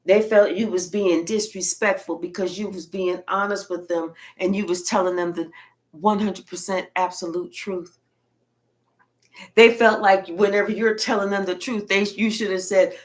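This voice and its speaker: A woman's voice: medium pitch, steady tone, unhurried. A woman giving a casual tarot reading in a blunt, colloquial manner with frequent cursing. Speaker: tarot reader.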